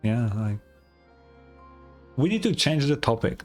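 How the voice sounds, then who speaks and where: A man's voice: mid-range voice, sing-song, measured pace, soft background music. A man from Europe streaming a game, rambling casually and repeating himself as he answers chat. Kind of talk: casual live-stream commentary.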